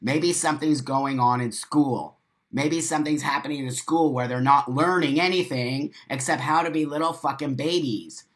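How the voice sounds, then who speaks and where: A livestream host in an unscripted, profane rant, repeating lines for punch, swinging between loud bursts and quiet asides, reading viewer comments. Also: medium pitch. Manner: rapid-fire delivery.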